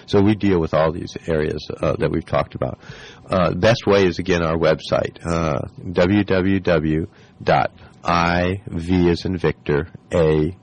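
A hoarse man with a very low voice speaks as a guest expert on a radio program. He talks in a measured way, slowing down to spell out details letter by letter. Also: steady tone, poor audio. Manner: measured, spells things out slowly. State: hoarse, losing his voice. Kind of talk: radio interview.

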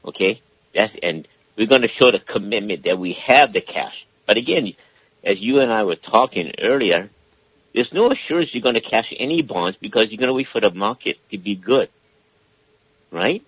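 Deep, husky caller explaining at length. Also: male voice, animated, normal speed, fairly bright tone, no room sound, dull audio. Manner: explaining at length, keeps checking in with "okay?". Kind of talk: casual call-in talk.

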